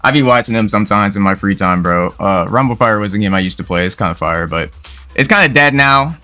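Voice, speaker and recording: A man's voice: on the low side, animated, fast, sharp tone. A man casually recounting an online game argument in a laid-back, slangy way, calling the listener "bro.". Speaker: gaming video creator. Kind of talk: casual storytelling commentary.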